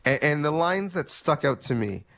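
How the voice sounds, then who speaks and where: A man co-hosting a podcast in casual chat, halting and searching for his words. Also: on the high side, animated, gravelly, a bit bright. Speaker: podcast co-host.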